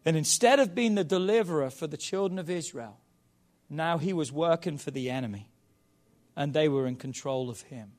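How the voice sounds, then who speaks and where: A man's voice: fairly high pitch, animated, normal speed, darkish tone. A man preaching at a family service, reading a children's Bible story aloud and calling on the audience to repeat lines. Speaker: pastor.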